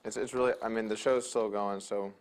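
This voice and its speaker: A man's voice: fairly low pitch, fairly even intonation, fairly quick, slight background noise. A man playing poker, chatting casually at the table in an easygoing, deferential way. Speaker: poker player.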